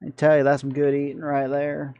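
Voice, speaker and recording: A man's voice: a little high, monotone, brisk, vocal fry, warm tone, smooth, no echo, dull audio. A man voicing a folksy good old boy trucker with a heavy put-on Southern drawl. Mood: folksy, hearty.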